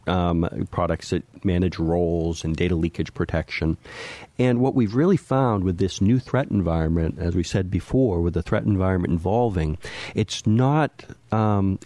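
Deep, mellow-voiced man on a panel. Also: no room sound. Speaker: industry panelist. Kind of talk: panel discussion.

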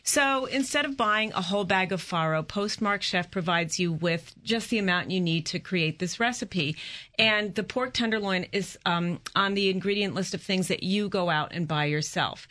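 A woman's voice: mid-range voice, moderate pace, bright, forceful tone. A woman cookbook author describing dishes and ingredients in detail on a talk show, with frequent fillers. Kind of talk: casual talk-show chat.

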